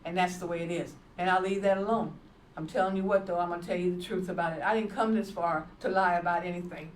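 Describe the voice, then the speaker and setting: A woman's voice: fairly low pitch, steady tone, quick pace, slight background noise. A woman evangelist giving her testimony in an emphatic, repetitive, plainspoken way. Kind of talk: testimony preaching. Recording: echoey room from far off.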